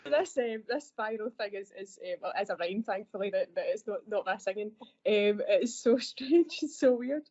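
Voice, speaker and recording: A woman's voice: medium pitch, normal speed, a little mellow. A Scottish woman who works as a library assistant, chatting on a podcast in a friendly, self-deprecating way. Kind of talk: podcast conversation. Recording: dull lo-fi podcast audio.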